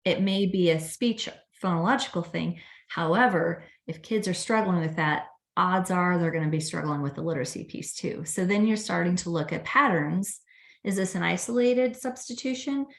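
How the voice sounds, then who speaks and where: A woman with a fairly low voice, heard in a noticeably echoey room. She is a speech-language pathologist and explains how children produce sounds in an animated, teacherly way. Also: normal speed, creaky. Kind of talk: interview conversation.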